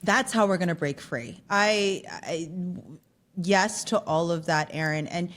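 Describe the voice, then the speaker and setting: A woman's voice: lowish voice, measured pace, a bit bright. A woman hosting a podcast interview, affirming her guest and reflecting on what she said. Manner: affirming, reflective, lots of "mm" backchannels. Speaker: podcast host. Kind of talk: conversational interview.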